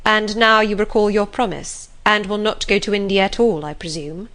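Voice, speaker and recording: A woman's voice: medium pitch, fairly even intonation, a bit bright, lightly acted. A woman reading a stern, cold young clergyman. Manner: grave, measured, reproving. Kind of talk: audiobook reading.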